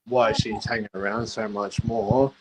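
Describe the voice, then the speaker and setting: A man with an Australian accent, a guest on a podcast, calmly reassuring the host in casual chat. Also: fairly low pitch, unhurried, background noise. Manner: calm, reassuring, explains.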